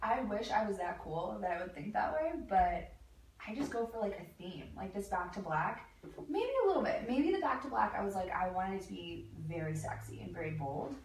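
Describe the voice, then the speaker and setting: A woman, a lingerie designer and guest, telling animated stories in casual chat and laughing often. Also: on the low side, moderate pace. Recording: echoey room, mic at a distance, faint noise.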